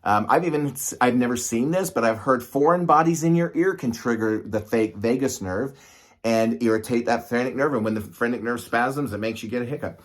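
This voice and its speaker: A man's voice: mid-range voice, a little fast. A middle-aged man, a doctor, explaining medicine in a casual, conversational way and often checking in with "right?". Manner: conversational, asks "right?" often, gestures to demonstrate.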